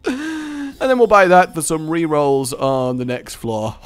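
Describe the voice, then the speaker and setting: A man giving casual let's-play commentary, excitable and gleeful, laughing often. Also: fairly high pitch, slow. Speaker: gaming commentator.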